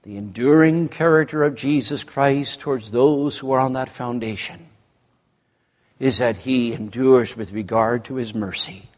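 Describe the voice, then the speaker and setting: A man preaching an evening sermon to a congregation, with a slow, emphatic delivery. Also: mid-range voice, big-room sound.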